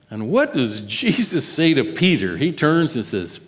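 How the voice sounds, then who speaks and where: A male pastor preaches in a conversational, expressive way and often turns to his listeners with questions. He speaks slowly and deliberately at a mid pitch, and his voice rings in a long hall reverb. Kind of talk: sermon.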